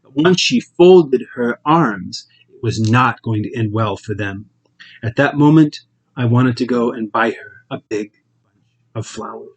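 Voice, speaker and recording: A man narrates an audiobook in a steady, measured voice at a middling pitch. His delivery is plain and controlled throughout. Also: slightly rough, rough recording. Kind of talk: scripted narration.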